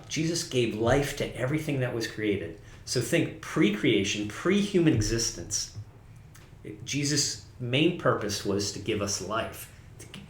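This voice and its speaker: Casual pastor man in an echoey room. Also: medium pitch. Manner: conversational, self-correcting, laughs at himself. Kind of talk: casual sermon.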